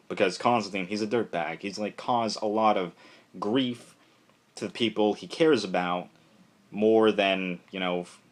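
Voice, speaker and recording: A young man casually reviewing a comic book, rambling with many fillers and acting out the characters' lines. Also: lowish voice.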